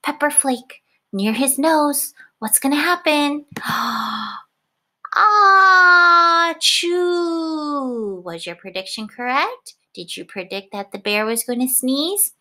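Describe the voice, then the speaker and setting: A young adult woman teacher reading a picture book aloud to her class, expressive, with gasps and questions to the children. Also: high voice, a little slow. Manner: expressive, gasping, asks questions.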